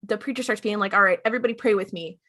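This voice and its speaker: A woman's voice: medium pitch, racing. A woman co-hosting a podcast, retelling a TV episode in casual chat and acting out the characters' lines as she goes. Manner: animated, acts out characters' lines while retelling. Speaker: podcast co-host.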